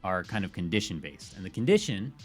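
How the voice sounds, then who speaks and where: A man co-hosting a podcast, running a word game in a playful, teasing, quick way. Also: low-pitched, very animated, faint music behind. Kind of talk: casual podcast chat.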